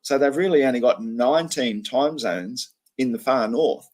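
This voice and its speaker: A man's voice: medium pitch, normal speed, a little mellow. A man hosting a livestream, chatting casually in a rambling way with frequent ums and restarts. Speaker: livestream host.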